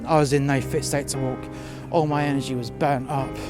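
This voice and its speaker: A man telling a first-person story outdoors in the cold, halting with fillers and breaking into profane outbursts. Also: medium pitch, flat delivery, music in the background.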